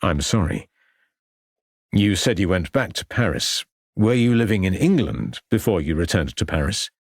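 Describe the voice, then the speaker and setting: A polite, persistent Victorian police inspector who asks formal, probing questions, read by a male narrator. The voice is low and a little husky, with a lively rise and fall. The sound is dry and close. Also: moderate pace, no echo, heavily acted. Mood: sympathetic.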